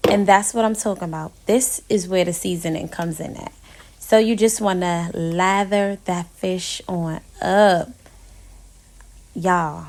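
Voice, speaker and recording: A woman's voice: on the low side, fairly even intonation, a little slow, darkish tone. A young woman chatting through a casual cooking tutorial in her home kitchen, talking straight to her viewers as "y'all". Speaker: home cook vlogger.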